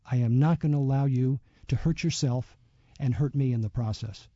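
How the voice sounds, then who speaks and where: A man being interviewed as a yoga teacher, speaking reflectively and telling a story with many pauses and fillers. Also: medium pitch, mellow, no room sound, lo-fi sound. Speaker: yoga teacher and author, guest. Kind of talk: radio interview.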